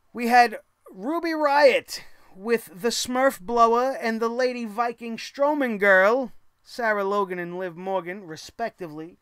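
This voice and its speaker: Sarcastic high-voiced wrestling show host. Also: male voice, fairly bright tone, clear, resonant tone, dry recording, clean studio sound. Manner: sarcastic, profane, mocking impressions. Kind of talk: ranting show recap.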